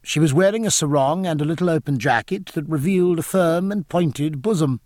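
A man narrating a novel as an audiobook in an expressive storytelling manner. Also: a little high, fairly quick, no room sound. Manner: expressive, varied storytelling delivery. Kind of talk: scripted narration.

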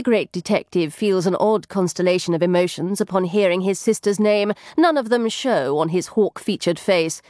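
Woman audiobook narrator, low voice with lively inflection, dry close mic. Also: normal speed, hardly any pauses, no room sound.

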